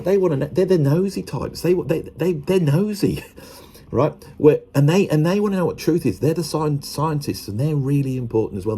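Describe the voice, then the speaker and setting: An Englishman talking to camera in a rambling, self-mocking monologue, often slipping into quick put-on voices. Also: medium pitch, gravelly, mellow, husky.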